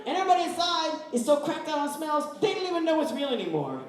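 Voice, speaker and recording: A man's voice: very high-pitched, fast. A man from West Virginia doing a stand-up comedy set, rambling through stories and acting out voices. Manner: rambling, animated storytelling with acted-out voices. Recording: echoey room, voice from far off.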